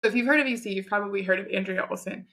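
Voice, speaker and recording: A woman in her thirties with a bright, forceful voice. She talks in an animated, chatty way, like a guest sharing her own story on a podcast. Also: medium pitch, racing. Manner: chatty, animated retelling with quoted asides. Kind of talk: conversational storytelling.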